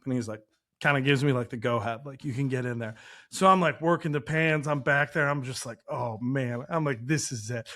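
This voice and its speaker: A man co-hosting a chat show, telling a long story in a loose, animated way with lots of filler words. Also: medium pitch. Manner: animated, rambling, heavy use of "like". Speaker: podcast co-host, chef.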